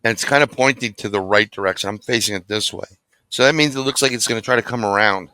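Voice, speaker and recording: A man telling a vivid, animated story as a guest being interviewed about paranormal investigation, blunt and sometimes profane. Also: lowish voice, fast, clear, resonant tone, dry recording.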